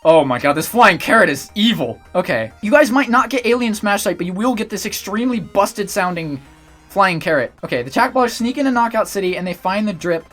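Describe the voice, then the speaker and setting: A man streaming, chatting excitedly with his viewers as he plays along with a story game. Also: high voice, a little fast, faint music behind. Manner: excitable, talks to chat. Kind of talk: casual livestream chat.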